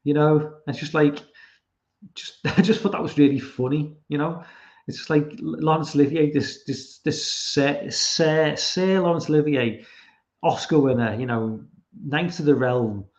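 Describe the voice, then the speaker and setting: A man's voice: on the high side, unhurried, a little mellow, dull audio. Rambling, sweary male podcast host. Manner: rambling, sweary, full of fillers. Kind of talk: casual livestream chat.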